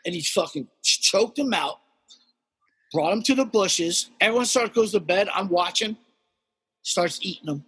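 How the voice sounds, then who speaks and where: A man telling a wild story in casual podcast chat, animated and swearing heavily as he acts out the characters. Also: high voice, moderate pace, husky, in a large hall. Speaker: guest storyteller.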